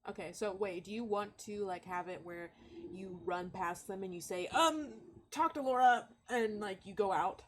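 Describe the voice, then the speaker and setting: A woman's voice: medium pitch, fairly even intonation, moderate pace. A woman game master casually narrating a tabletop role-playing game on a stream, with lots of fillers. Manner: casual, full of fillers, encouraging.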